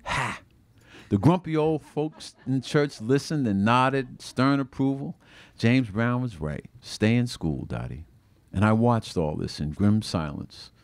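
An author shares passages from his book at a bookstore event in a lowish voice with no echo, performing each quoted voice with lively expression.

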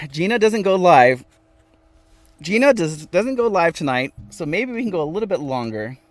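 A man's voice: high-pitched, very animated, normal speed, no room sound. A man hosting a casual live stream from inside his van, reading viewer comments aloud and repeating phrases playfully. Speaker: vanlife livestream host.

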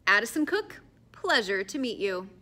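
A woman's voice: mid-range voice, very animated, moderate pace, pushed and bright. A woman voicing a poised, self-assured schoolboy who speaks in a formal, composed and articulate way.

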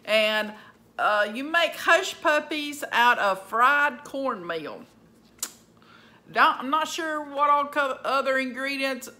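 A woman with a Southern US accent, a vlogger casually running through a list of words in a slow, plainspoken drawl. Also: high voice, animated, sharp tone.

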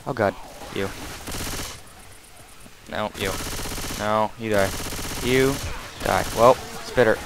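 A man giving casual let's-play commentary, muttering asides and then yelling loud bursts at the enemies he fights. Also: fairly low pitch, fairly even intonation, takes it slowly, vocal fry, pauses often. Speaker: gameplay commentator. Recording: faint game noise behind.

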